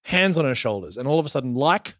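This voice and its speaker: A man's voice: mid-range voice, quick pace, dry recording, studio quality. A man from Australia casually recapping a show as podcast co-host, telling it with energy and swearing. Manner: animated storytelling with swearing.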